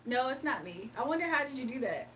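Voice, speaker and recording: Woman from virginia chatting on stream, relaxed, laughs a lot, kinda far from the mic w a lil background hiss. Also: sits high, fast talker. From Virginia, United States. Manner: laid-back slangy talk, laughs often. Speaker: livestream host. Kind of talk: casual live-stream chat, reading comments aloud.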